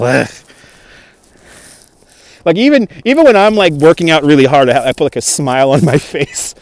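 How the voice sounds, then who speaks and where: Filmed on a phone camera on a gimbal, a man with a New York accent hosts a walk-and-talk livestream in a snowy park outdoors. Fairly high-pitched with no echo, he chats, laughs often and reads viewer comments aloud.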